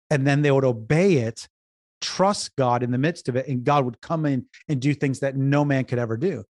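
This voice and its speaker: Here a man with a mid-range, slightly mellow voice speaks at a normal speed, recorded cleanly in a studio with no room sound. He's a business consultant guesting on an interview podcast, earnestly sharing stories while repeating words and restarting as he goes.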